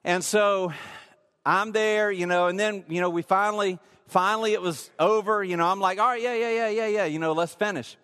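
A man's voice: high-pitched, steady tone, normal speed, sharp tone, clean tone. A man preaching a sermon in a church, telling a personal story in a casual, rambling way with many fillers. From rural area. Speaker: pastor. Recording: long hall reverb.

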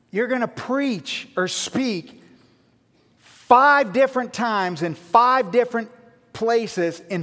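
A man's voice: sits high, a bit bright, long reverb tail. A pastor putting on the voice of God as a fond, casual male deity speaking to him like a friend. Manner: casual, affectionate, playful.

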